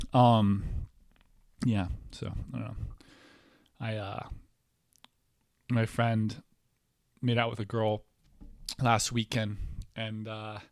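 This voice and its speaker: A young man hosting his own show, talking casually to camera in a rambling, profane way that swings from loud outbursts to low mumbling. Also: no room sound, clean studio sound. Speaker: podcast host. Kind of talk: casual solo talk to camera.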